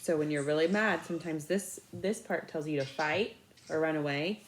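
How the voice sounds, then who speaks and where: A woman's voice: sits low, normal speed, a little hiss or hum, rough recording. A woman reading a picture book aloud to a child at home, stopping to explain and ask questions. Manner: gentle teaching asides between read lines.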